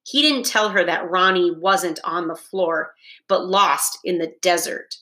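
A woman reads a children's novel aloud in a steady, deliberate storytelling voice. She goes very slowly, and her tone is bright and forward. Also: lowish voice. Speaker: reader.

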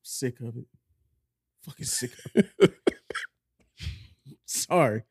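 A man's voice: medium pitch, lively intonation, extremely slow, a little mellow, breathy edge, no echo, clean studio sound. A man co-hosting a podcast, chatting casually and joking with loose, profane banter. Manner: joking, loose, swears freely. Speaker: podcast co-host. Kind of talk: casual chat.

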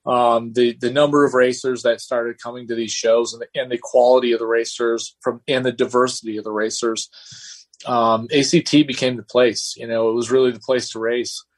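A race car driver appears as a guest in a casual storytelling interview, rambling loosely, restarting often and acting out quotes. His mid-range voice stays level at a moderate pace.

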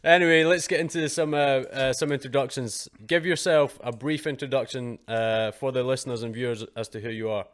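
A man's voice: medium pitch, steady tone, fairly quick, hardly any pauses. Uk guy hosting a podcast, lots of um and uh, casual bro talk, mid voice. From United Kingdom. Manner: hesitant, many fillers and restarts, casual slang. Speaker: podcast host. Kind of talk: casual interview chat.

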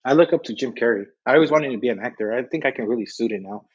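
A man's voice: medium pitch, racing, breathy edge, no room sound, dull audio. A man in his thirties chatting casually on a podcast, restless and jokey, often breaking into silly put-on voices. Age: 30s. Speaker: podcast guest. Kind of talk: casual chat.

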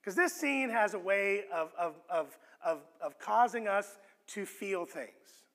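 A man preaching a sermon, earnest and expressive, often restarting his words as he teaches. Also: sits high, slow, long reverb tail. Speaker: pastor.

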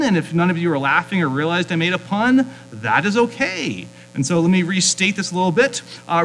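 A man's voice: fairly high pitch, fairly bright tone, low-quality recording. A man, the pastor, preaching a sermon in a loose, conversational way, with many fillers and restarts. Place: church sanctuary.

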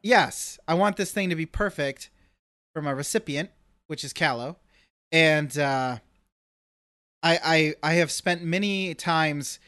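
Casual podcast co-host, man, lively storyteller, dry close sound. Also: on the high side, slow pace, pauses often, no room sound. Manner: animated storyteller, acts out his own reactions.

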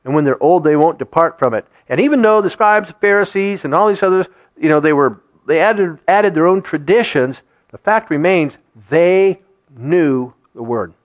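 Brief: middle-aged male pastor preaching, high and lively voice, dull lo-fi recording. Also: moderate pace. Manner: animated, conversational preaching to a congregation. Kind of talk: sermon. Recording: dull lo-fi sound.

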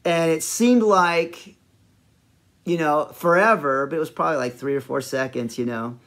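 A man's voice: on the high side, normal speed. Rambling man telling a personal story. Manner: animated, rambling, many fillers. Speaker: podcast host.

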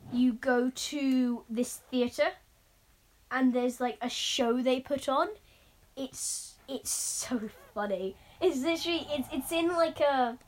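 Sex: woman. Role: podcast co-host. Style: casual, rambling chat. Pitch: slightly high. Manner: chatty, rambling, with many restarts and fillers. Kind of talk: casual chat reviewing a game.

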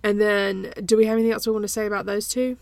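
A woman co-hosting a casual podcast chat, talking slowly through her thoughts with frequent restarts. Her voice has a gravelly fry to it, and the recording is dry and close. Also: mid-range voice, little pitch movement, darkish tone, no room sound. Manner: hesitant, many restarts and repeated words. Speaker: podcast co-host.

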